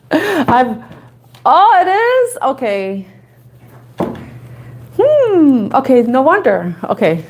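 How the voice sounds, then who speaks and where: A woman from the Bronx with a New York accent, chatting and thinking out loud as she gives a live tarot reading to viewers. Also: sits high, wildly swooping pitch, very slow, long pauses, a little hiss or hum. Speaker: tarot reader.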